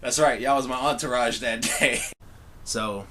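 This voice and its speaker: A man's voice: mid-range voice, unhurried, a bit bright. A young man telling a personal story to his viewers in a laid-back, slangy way, often speaking to them directly. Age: young adult. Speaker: vlogger. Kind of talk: casual storytelling to camera.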